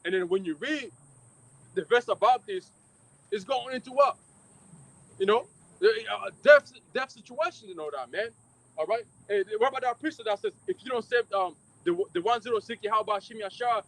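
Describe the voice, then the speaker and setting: A man preaching loudly and emphatically, swearing freely and mocking his critics between scripture readings. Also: sits high, lively intonation, moderate pace, low-quality recording. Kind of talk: fiery street-style preaching.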